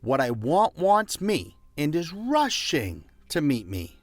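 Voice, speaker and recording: A man with a slightly high, very animated voice delivers an emphatic, repetitive motivational talk. He leads the listener through call-and-response phrases. The sound is dry, with soft music underneath. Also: takes it slowly, no room sound. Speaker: motivational speaker.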